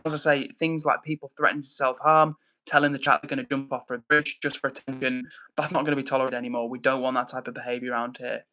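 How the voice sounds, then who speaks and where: A man, from near Manchester, hosting a casual livestream from indoors at home. He reads out chat messages and answers them in a friendly, upbeat way, with plenty of fillers and shout-outs. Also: medium pitch, level tone, quick pace, muffled recording. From England, near Manchester. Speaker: livestream host reading chat.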